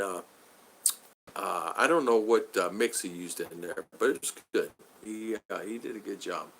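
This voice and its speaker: A man's voice: mid-range voice, bright, forceful tone. A man hosting a casual livestream, chatting loosely with viewers by name and often repeating himself as he rambles. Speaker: livestream host reading chat. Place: home in the Philippines.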